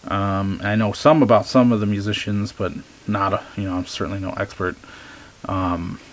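A man chatting casually as he shows off his record finds, relaxed and eager, with many ums. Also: on the low side, moderate pace. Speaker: record collector showing finds. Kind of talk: casual show-and-tell vlog.

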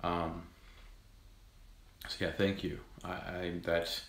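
A man with a low voice talks to his viewers in a flat, rambling way, full of ums and restarts. The sound carries a clear echo from the room around him. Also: takes it slowly. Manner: monotone, rambling with many fillers. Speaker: channel host. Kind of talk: casual outro to viewers.

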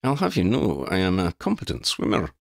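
A man's voice: low-pitched, wildly swooping pitch, a little fast, creaky, no echo, studio quality, exaggerated voice. A man voicing a vain, pompous male talking cat who speaks in a formal, haughty way.

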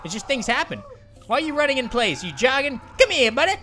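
A woman giving excitable, giggly let's play commentary, often apologizing to game characters. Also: sits high, fast talker, faint music behind. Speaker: gaming channel host.

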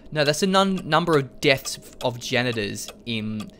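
A young man giving excitable, jokey commentary as he plays a video game, often laughing. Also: mid-range voice, normal speed, a little hiss or hum. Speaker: let's play host. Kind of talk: gaming commentary.

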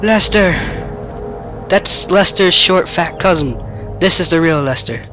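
Slow-talking, joking male game commentator. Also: high voice, pushed and bright, faint music behind. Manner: jokey, talking to himself and an imaginary friend. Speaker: let's-play gamer. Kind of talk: casual gameplay commentary.

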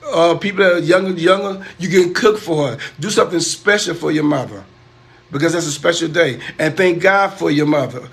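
High-voiced older man, preachy and defensive. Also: a little fast, gravelly, a bit bright, reverberant. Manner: defensive, preachy, repeats himself. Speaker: uncle on a livestream. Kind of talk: casual livestream banter.

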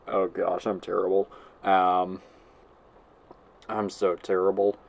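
A man's voice: fairly low pitch, level tone, slow pace. A man giving casual gameplay commentary, rambling and giggling as he mocks himself. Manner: rambling, giggly, self-mocking.

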